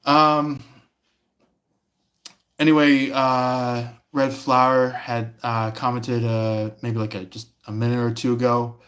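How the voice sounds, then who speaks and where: A man giving a casual livestream tarot reading, rambling with many pauses and fillers. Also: mid-range voice, level tone, fairly bright tone. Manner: rambling, lots of fillers and restarts.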